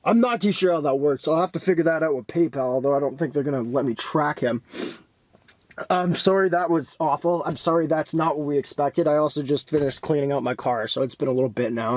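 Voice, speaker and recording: A young man talking casually in a vlog, excitable and swinging between hype and frustration. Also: fairly high pitch, brisk, no echo. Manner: excitable, swings from hyped to deflated and angry. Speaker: vlogger.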